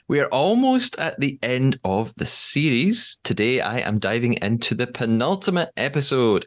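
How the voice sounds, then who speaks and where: A man hosting a chatty podcast with an upbeat delivery. His pitch sits in the middle range, and he moves easily from a read intro to relaxed back-and-forth talk. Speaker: podcast host. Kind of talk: casual podcast chat.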